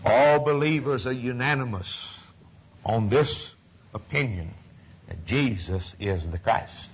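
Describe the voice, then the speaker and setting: Husky-voiced impassioned male preacher. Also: medium pitch, slow. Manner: impassioned, swings from loud declaring to hushed near-whispers; folksy, repetitive phrasing. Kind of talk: sermon.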